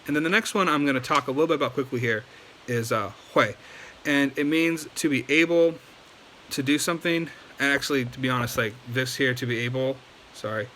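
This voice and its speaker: Man, casual lesson host; bright, chatty, lots of filler, faint hiss. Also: mid-range voice, brisk. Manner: loose and chatty, many ums and likes. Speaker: language teacher.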